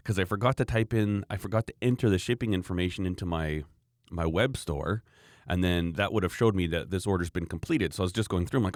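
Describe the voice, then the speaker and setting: A man with a low voice chatting on a podcast, telling long meandering stories about his customers. He slips into the voices of the people he quotes as he goes. The sound is close and dry, with no room around it. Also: quick pace, no echo. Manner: rambling storyteller, acts out quoted customers. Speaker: podcast co-host, knife maker. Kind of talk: casual chat.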